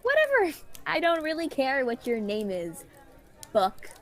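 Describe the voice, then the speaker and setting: A woman's voice: high voice, wildly swooping pitch, measured pace, noisy background, exaggerated voice. A teenage girl playing a sarcastic, impatient modern American girl in a school radio play. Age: teens.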